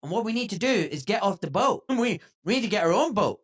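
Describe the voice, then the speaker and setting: A man's voice: high voice, quick pace, husky. Emphatic male podcast host. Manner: emphatic, animated when mimicking others. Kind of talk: casual conversational podcast talk.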